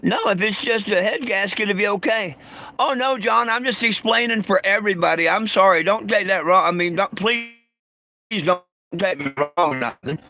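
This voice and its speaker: Profane man with a high, bright voice. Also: normal speed. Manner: blunt and profane, stammering restarts, irritable. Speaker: vlogger livestreaming to viewers. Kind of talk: casual livestream rant.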